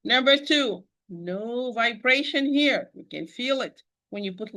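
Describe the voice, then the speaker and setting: A woman's voice: on the high side, expressive, measured pace, hardly any pauses, sharp tone. A woman teaching Quran recitation in an online lesson, patiently repeating points and addressing her listeners as dear sister.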